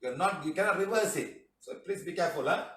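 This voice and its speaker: Male healing teacher, high-pitched, scolds and jokes; distant mic, echoey room. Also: lively intonation, fast, fairly bright tone. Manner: chiding, joking, keeps asking "huh?". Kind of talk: lecture.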